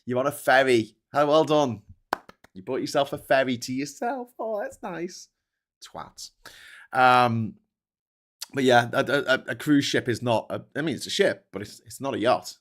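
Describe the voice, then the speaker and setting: A man's voice: mid-range voice, lively intonation, a little slow, fairly bright tone. A man hosting a livestream, reading viewer comments and ranting with heavy swearing and frequent laughter. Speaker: host. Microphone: desk microphone.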